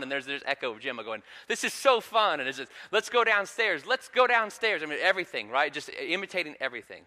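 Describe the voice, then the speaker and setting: A man in his thirties preaching a sermon in a church, telling a family story in a relaxed, conversational way. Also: mid-range voice. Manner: conversational storytelling with frequent ums. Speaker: pastor. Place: church sanctuary. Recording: long hall reverb.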